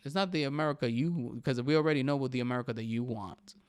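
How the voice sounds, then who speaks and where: A man's voice: mid-range voice, quick pace, darkish tone, clean tone, no room sound, studio quality. A young man hosting his own podcast, talking casually and emphatically and saying "bro" often. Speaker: podcast host. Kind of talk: casual solo podcast commentary.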